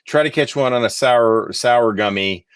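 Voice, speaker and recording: A man's voice: medium pitch, moderate pace, clear, resonant tone, no echo. A man co-hosting a live show, playfully teasing his friends and calling them bro and man. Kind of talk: casual live show chat.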